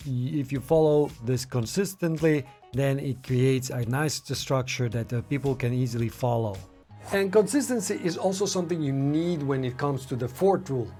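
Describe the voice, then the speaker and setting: A man walking viewers through an email design tutorial on his screen, explaining calmly and pausing on fillers. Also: medium pitch. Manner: relaxed, explanatory, with frequent "uh" fillers. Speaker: online marketing tutor.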